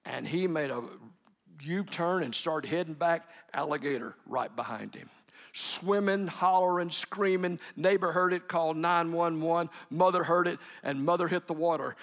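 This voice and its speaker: Gravelly male preacher in an echoey hall. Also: on the high side, normal speed. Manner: warm anecdotes with chuckles, dropping to near whispers. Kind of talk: sermon storytelling.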